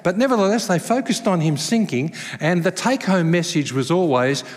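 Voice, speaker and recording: A man's voice: high-pitched, a little fast. Man preaching in a reverberant church. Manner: conversational, self-deprecating, animated storytelling. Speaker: pastor. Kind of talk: sermon. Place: church service. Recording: long hall reverb.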